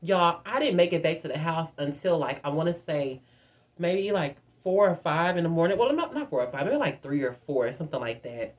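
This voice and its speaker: A woman's voice: sits low, lively intonation, brisk. A young woman vlogger telling a dramatic, profane storytime straight to her viewers. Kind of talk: casual storytime.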